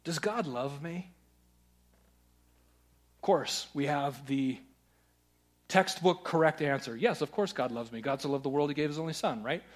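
A man preaching a sermon, earnest, moving between loud urging and hushed, searching questions. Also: a little high, normal speed, pauses often. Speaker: pastor.

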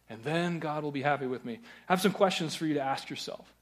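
Preacher guy giving a sermon, kinda high voice, gets loud then goes quiet and searching. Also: fast talker. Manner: earnest, swings from loud urging to hushed questioning. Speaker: pastor.

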